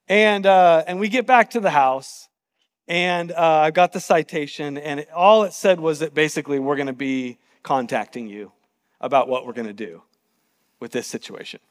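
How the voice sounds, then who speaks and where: A man's voice: high voice, moderate pace, in a large hall. A man preaching a sermon, telling a story casually and with animation. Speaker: pastor.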